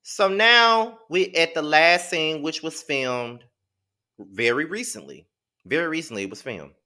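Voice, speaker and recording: A man's voice: a little high, lively intonation, unhurried, sharp tone, smooth. A man hosting a live TV episode review, talking emphatically and repeating himself in exasperation. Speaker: host.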